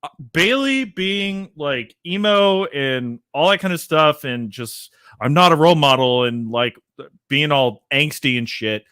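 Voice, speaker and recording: A man chatting casually on a livestream, rambling and animated, with loose swearing and laughter at himself. His voice is bright and forceful, and it sounds close and dry, with no room behind it. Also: on the high side, takes it slowly, smooth, dry recording. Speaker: livestream host.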